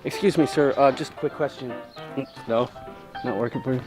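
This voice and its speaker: A man playing a goofy male roving reporter who questions farm animals in a mock-serious, deadpan way. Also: mid-range voice, a little fast, over music, pitched below the performer's own voice, natural voice. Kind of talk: comedic sketch narration.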